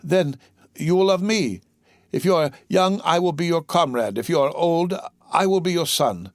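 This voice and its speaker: Young male prisoner, desperate and pleading, voiced by a male narrator, pitched up, dry read. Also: expressive, normal speed, no echo. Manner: earnest, impassioned pleading.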